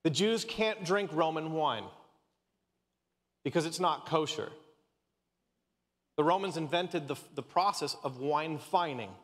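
A man's voice: on the high side, unhurried, pauses often, long reverb tail. A man from Canada in his thirties preaching a casual, joking sermon, often stumbling and restarting his sentences. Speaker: pastor. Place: church sanctuary.

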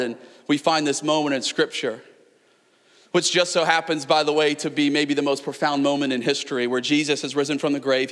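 Pastor, male, 30s, high bright voice, lively storyteller, reverberant church hall. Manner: animated storytelling, rising to near-shouts. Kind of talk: sermon.

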